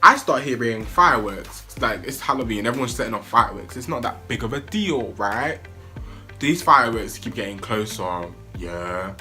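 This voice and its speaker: Young man, lively storyteller with a bright voice and big swings in pitch. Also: moderate pace, soft background music. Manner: animated, excitable storytelling with sudden high-pitched yelps. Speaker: vlogger. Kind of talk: storytime vlog.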